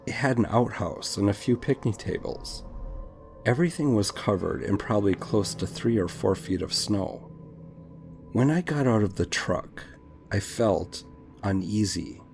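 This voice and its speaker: A man's voice: on the low side, animated, measured pace, creaky, a little mellow, faint music behind. A man reading a true scary story aloud in a dramatic, tense scripted narration.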